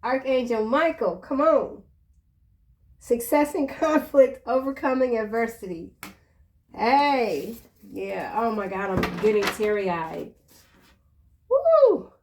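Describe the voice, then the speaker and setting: A woman giving a casual tarot reading in a chatty, slangy way, breaking into excited exclamations. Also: a little high, unhurried, a little hiss or hum. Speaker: tarot reader.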